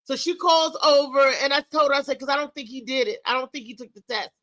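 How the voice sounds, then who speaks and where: A middle-aged woman talk show host with a high, bright voice tells a candid story with emphatic, animated energy. Her voice is close and dry, with no room sound. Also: quick pace, dry recording, low-quality recording.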